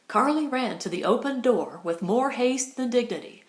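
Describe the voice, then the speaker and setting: A woman narrating an audiobook in a measured, expressive storytelling manner. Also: fairly high pitch. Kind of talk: scripted narration. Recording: roomy echo.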